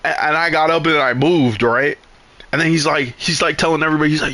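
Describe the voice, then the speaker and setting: A male streamer telling a story in casual talk. He is animated and rambling, swears a lot, and restarts his sentences. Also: fairly high pitch, quick pace.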